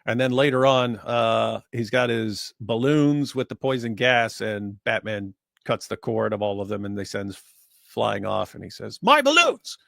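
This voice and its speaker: A man co-hosting a casual livestream, talking in a deadpan, ironic way. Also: on the low side, a little slow, creaky, no room sound, studio quality. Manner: deadpan, ironic, tries impressions. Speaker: livestream co-host.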